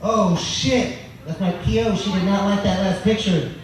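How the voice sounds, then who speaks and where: A man's voice: high-pitched, normal speed. A man performing a crude, profane stand-up comedy set at an open mic. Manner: crude, profane and deadpan-boasting. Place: open mic venue, echoey room. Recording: very echoey room from far off.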